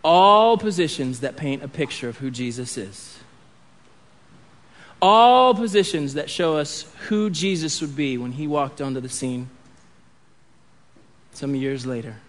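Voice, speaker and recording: A man's voice: on the high side, a little slow, pauses often. A man in his thirties preaching a sermon in a conversational way, with restarts and asides. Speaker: pastor.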